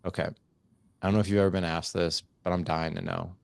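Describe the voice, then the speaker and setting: A man with a very deep voice hosts a casual podcast conversation. He tells stories with a laugh, acting out what people said. The recording is dry and close. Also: fairly quick, creaky, dry recording. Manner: storytelling, laughs often, animated quotes. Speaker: podcast host.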